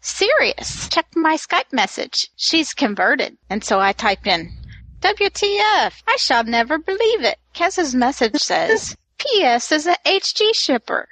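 An excitable woman co-hosts a casual podcast, her high voice leaping up and down as she acts out every quote. The sound is close and dry, with no room around it. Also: a little slow, no echo. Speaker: podcast co-host.

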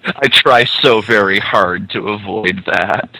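A man with a deep, gravelly voice talks through a story on a podcast, thoughtful and a little wry. His tone is bright and edgy, and the sound is dry and close. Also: slow pace, no room sound, low-quality recording. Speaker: podcast co-host, fan fiction author. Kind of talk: casual discussion.

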